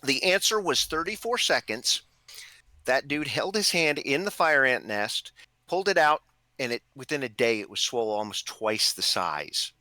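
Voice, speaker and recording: A man and army veteran, telling stories in a casual chat in an animated, wry way. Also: mid-range voice, normal speed, no echo.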